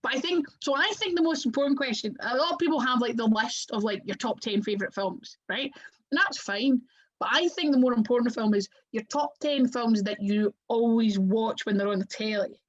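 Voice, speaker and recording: A woman's voice: fairly high pitch, a little fast. A Scottish woman wrestler chatting as an interview guest, rambling and full of "like" fillers. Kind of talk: casual interview chat. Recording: muffled lo-fi audio.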